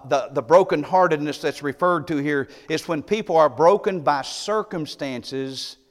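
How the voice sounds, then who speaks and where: Male pastor, sermon, emphatic then hushed, slightly high voice, long hall echo. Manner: swings from loud, emphatic preaching to hushed, quiet asides.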